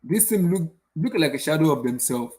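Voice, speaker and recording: A man's voice: on the high side, animated, normal speed, darkish tone. Exasperated young man ranting about football. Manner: exasperated, repeats himself, rhetorical questions. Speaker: football channel host. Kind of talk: casual post-match rant.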